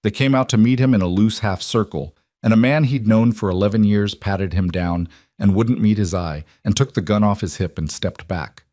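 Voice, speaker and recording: A man narrating a crime story in a steady, measured storytelling voice. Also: fairly low pitch, no echo, studio quality. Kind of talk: scripted narration.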